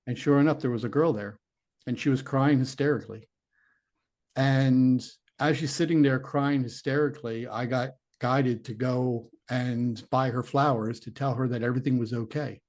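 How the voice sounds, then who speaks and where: A man's voice: medium pitch, steady tone, moderate pace, darkish tone. Earnest man telling a personal story. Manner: earnest, rambling anecdote with restarts and voiced inner dialogue. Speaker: interview guest, former police detective turned psychic medium. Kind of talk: conversational storytelling.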